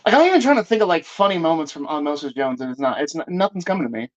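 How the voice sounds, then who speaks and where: A man's voice: fairly high pitch, big pitch swings, racing, highs cut off. A man ranting casually about movies on a live stream, profane and rambling, often breaking off and correcting himself. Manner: profane, rambling, self-interrupting.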